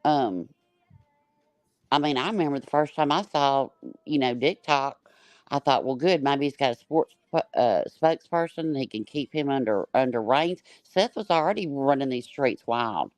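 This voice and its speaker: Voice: medium pitch, animated, a little mellow, dry recording. Rambling panel guest, dry close sound. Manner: rambling, halting with many restarts and fillers. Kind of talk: casual livestream chat.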